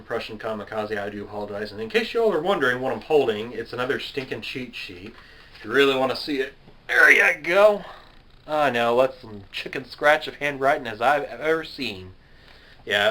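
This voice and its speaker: A chatty young man in his twenties talks straight to camera in a relaxed, rambling Q&A, drifting off topic and making fun of himself. His voice sits at an ordinary middle pitch for a man. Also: low-quality recording. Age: 20s. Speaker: gaming video creator answering viewer questions.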